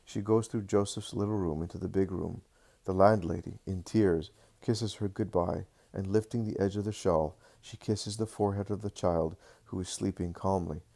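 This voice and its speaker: A man narrates a devotional text in a slow, earnest reading. His voice sits very low, and he now and then stumbles on a word and corrects himself. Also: fairly even intonation, gravelly, dark tone.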